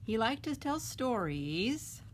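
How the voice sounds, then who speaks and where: A woman's voice: on the high side, very animated, takes it slowly, slight background noise. A woman reading a picture book aloud at a library storytime, asking the children questions and adding coaxing "huh?" tags.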